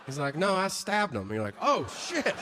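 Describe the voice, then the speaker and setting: A man's voice: high-pitched, brisk, over a noisy crowd. A man doing a stand-up comedy routine, telling stories animatedly and acting out the people in them, with a lot of profanity. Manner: animated storytelling, acts out characters, profane. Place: stage before a laughing audience. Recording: noisy live show recording.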